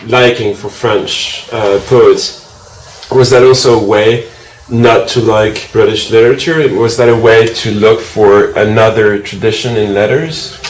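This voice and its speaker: A man moderating a symposium, asking questions haltingly with many fillers and restarts. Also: on the low side, steady tone. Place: large echoey university room. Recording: echoey room, distant mic, faint hiss.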